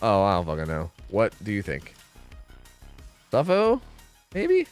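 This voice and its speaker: A man's voice: fairly low pitch, wildly swooping pitch, measured pace, clean tone, soft background music. A young man streaming a game, rambling to his chat, swearing and second-guessing himself. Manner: rambling, self-questioning, swears freely. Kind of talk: casual gaming stream chat.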